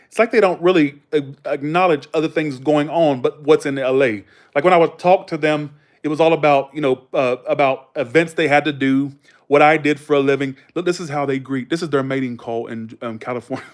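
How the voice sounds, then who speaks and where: American male streamer, casual anecdotal rambler, voice sitting somewhat high. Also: steady tone, fairly quick. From United States. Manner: rambling, anecdotal, full of fillers. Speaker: livestream host. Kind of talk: casual chat.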